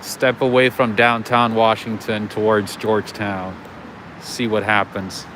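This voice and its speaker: A man's voice: on the low side, level tone, a little slow, fairly bright tone, a little hiss or hum. A man hosting a casual walking livestream outdoors, telling stories and chatting with viewers as he reads their comments. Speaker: livestream host. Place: outdoors on city streets.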